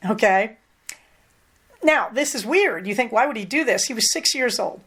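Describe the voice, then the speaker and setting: Older lady podcaster chatting candidly, slightly high voice, punchy emphasis on her points. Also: normal speed, husky. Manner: candid, conversational, lively emphasis. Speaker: podcast host. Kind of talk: casual monologue.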